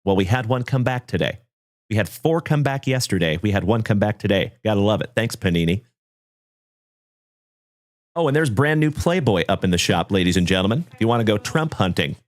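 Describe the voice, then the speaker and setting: A man's voice: fairly low pitch, expressive, brisk. Folksy upbeat male livestream host. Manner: folksy, upbeat, greets viewers by name. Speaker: card break livestream host. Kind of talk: livestream chat with viewers.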